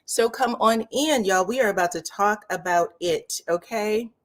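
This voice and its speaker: A woman hosting a live commentary stream, chatting casually and greeting viewers one by one in drawn-out welcomes. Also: medium pitch.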